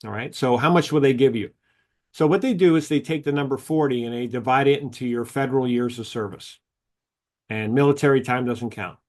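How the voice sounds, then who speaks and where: A man's voice: mid-range voice, a little fast, darkish tone. A man presenting a seminar on government retirement benefits, explaining formulas in a chatty way and telling anecdotes. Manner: chatty, tells anecdotes, acts out dialogue.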